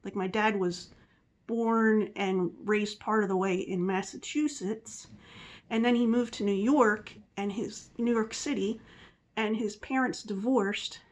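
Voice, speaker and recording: A woman's voice: mid-range voice, measured pace. A middle-aged woman from the Philadelphia area, with a mixed Philadelphia and Southern US accent, chatting in a rambling way in her vlog and laughing at herself. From Philadelphia area, USA. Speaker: vlogger. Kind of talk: casual chat.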